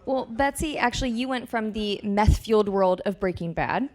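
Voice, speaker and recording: A woman's voice: mid-range voice, normal speed. A woman moderating a panel, putting upbeat questions to the cast.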